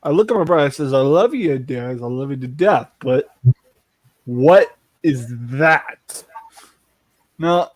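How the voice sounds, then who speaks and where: A man's voice: a little high, expressive, a little fast, darkish tone, no echo. Chatty man telling a rambling story. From Ireland. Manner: rambling anecdote, laughing, acting out voices. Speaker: livestream host. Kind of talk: casual storytelling on a livestream.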